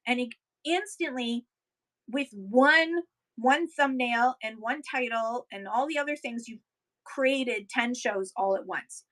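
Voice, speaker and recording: A woman's voice: fairly high pitch, takes it slowly, a bit bright, poor audio. A woman hosting a casual livestream, reading viewer comments aloud and encouraging sellers with upbeat tips.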